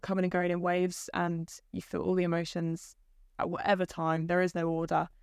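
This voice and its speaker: Young woman with a gravelly, halting voice. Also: on the low side, monotone, a little mellow, dry recording, clean studio sound. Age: young adult. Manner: halting, thoughtful, pauses mid-sentence. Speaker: university student guest. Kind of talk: casual podcast conversation.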